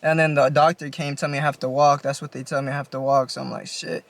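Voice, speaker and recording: A man's voice: medium pitch, flat delivery, quick pace, vocal fry. A young man telling a story on his own vlog channel in a laid-back, slangy, casual way. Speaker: YouTuber.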